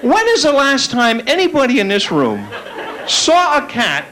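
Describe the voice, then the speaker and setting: A man's voice: very high-pitched, huge pitch swings, a little slow, pushed and bright. A man performing a stand-up comedy set on a club stage, playfully acting out the voices of his characters. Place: comedy club stage before a laughing audience. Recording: live club recording with crowd noise.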